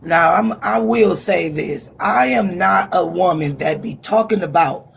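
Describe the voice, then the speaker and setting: A woman calling in to a panel chat, with a raspy smoker's voice, talking frankly and holding back on private matters. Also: fairly low pitch, measured pace, a little hiss or hum. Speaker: panel caller. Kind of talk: casual chat.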